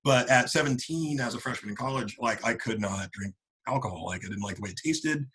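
A man's voice: mid-range voice, a little fast, husky, poor audio. A man in his late forties telling a long college story to old friends, rambling with lots of "like" and acting out what his friends said. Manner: acts out friends' lines in animated voices.

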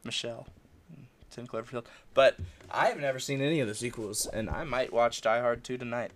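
A man talking casually about films with a friend, animated and loose. He swears freely and acts out scenes. His voice sits at an ordinary middle pitch. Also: a little fast. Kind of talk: casual movie chat.

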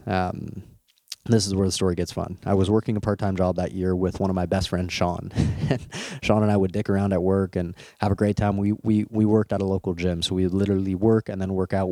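Young man, low mellow voice, candid storyteller who laughs through it, dry close sound. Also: quick pace, no room sound. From Canada. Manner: candid, laughs often, repeats words when excited. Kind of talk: casual personal storytelling.

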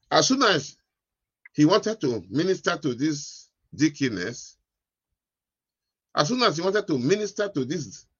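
A man's voice: fairly high pitch, a bit bright, slightly rough, no echo, dull audio. A man pastor delivering a sermon, repeating his lines for emphasis. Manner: repetitive, emphatic preaching.

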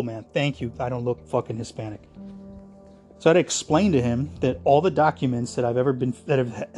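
A man from Virginia rants on his solo podcast, heated and sarcastic, swearing freely. His voice is mellow and mid-pitched. Soft guitar music plays faintly behind. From United States (Virginia). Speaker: podcast host.

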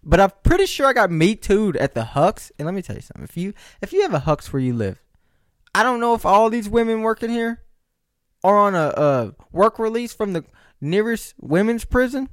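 Young male podcast host, lively rambling comic storyteller, slightly higher voice, dry close sound. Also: a little fast, no room sound. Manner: rambling storyteller with joking asides to listeners. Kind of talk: casual comedic podcast monologue.

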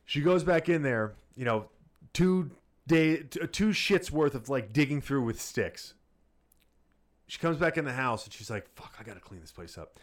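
A man's voice: a little high, unhurried. Profane man telling a story. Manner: profane, animated anecdote-telling. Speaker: podcast co-host. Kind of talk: casual storytelling chat.

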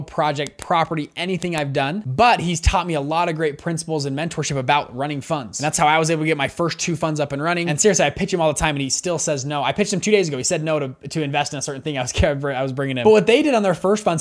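A young man running an investment fund, giving an upbeat, conversational lesson on raising money and acting out the dialogue he quotes. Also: a little high. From Salt Lake City, Utah. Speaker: investor and fund manager teaching fundraising. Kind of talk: energetic instructional talk to camera.

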